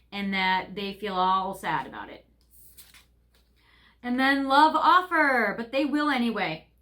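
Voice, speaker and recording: A woman's voice: mid-range voice, a bit bright. A woman giving a casual tarot card reading, chatty and rambling, with lots of fillers. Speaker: tarot reader.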